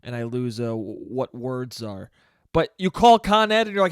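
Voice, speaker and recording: A young man hosts a solo podcast in studio quality with no echo, ranting comically in a profane, self-mocking way and imitating whiny complaints. His voice is on the high side, fairly quick, clear, and resonant.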